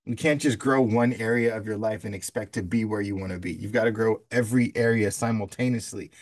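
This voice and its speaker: A man's voice: on the low side, fairly even intonation, brisk. A man co-hosting a casual podcast, talking through ideas with long everyday analogies in a loose, conversational way. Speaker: podcast co-host.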